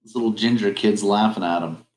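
A man's voice: on the low side, a little fast, darkish tone. A man hosting a playful read-aloud for kids, jokey and chatty, acting out characters. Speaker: storytelling host.

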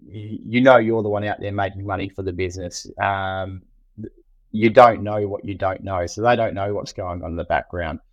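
A deep-voiced Australian man talks loosely about running a trade team and keeps restarting his sentences around fillers. His voice sits low and sounds dry and close, with no room around it. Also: no echo, rough recording. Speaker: general manager of a trade business. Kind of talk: casual podcast chat.

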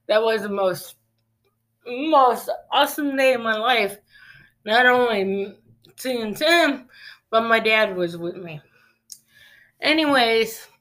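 A woman's voice: mid-range voice, fairly bright tone. A woman hosting a faith-based podcast, talking earnestly and rambling, with frequent restarts. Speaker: podcast host. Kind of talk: casual faith-based monologue.

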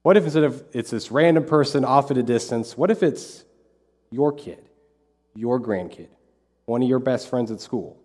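Mellow-voiced male pastor in a reverberant hall. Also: mid-range voice, normal speed. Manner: conversational, repeats phrases for emphasis. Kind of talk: sermon.

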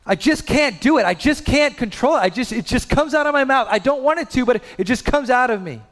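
A man's voice: very high voice, animated, quick pace, fairly bright tone, pitched above the performer's own voice. A man voicing a frustrated six-year-old boy who pleads that he cannot control himself. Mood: helpless, pleading. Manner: pleading, helpless.

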